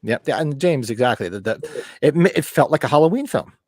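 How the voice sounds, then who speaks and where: A man in his fifties hosting a podcast, talking in a relaxed, rambling way and often restarting his sentences. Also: mid-range voice, brisk, dry recording, clean studio sound. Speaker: podcast host. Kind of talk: casual chat.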